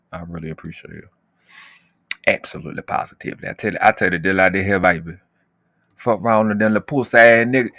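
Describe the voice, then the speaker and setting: A man's voice: lowish voice, a bit bright, no room sound, studio quality. A brash, slangy man from the United States hosting his channel's casual livestream, trash-talking and boasting as he talks to his chat. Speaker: channel host.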